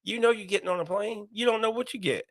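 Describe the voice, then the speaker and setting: A man's voice: high-pitched, fast, dry recording, clean studio sound. A man hosting a casual live stream, talking to viewers and reading their comments aloud, repeating himself often. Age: adult, parent.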